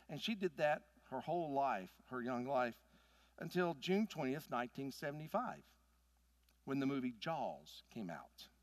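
A man, preaching a sermon in an animated, folksy storytelling manner. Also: medium pitch, dry recording, studio quality. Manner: animated, folksy storytelling with big swings in loudness. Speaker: pastor.

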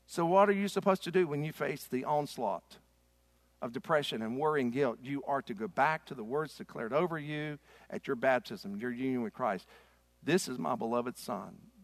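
A man preaches a sermon in a voice of middling pitch. He swings between loud, forceful stretches and quiet, slow passages, and the sound is dry and close. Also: no room sound. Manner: preaches with rising intensity, then soft and slow. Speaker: pastor.

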